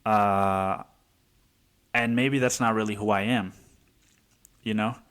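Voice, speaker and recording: Man, 20s, solo podcast host, low-pitched, casual, rambling, lots of swearing, restarts and fillers. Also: fairly even intonation, slow pace, fairly bright tone, smooth.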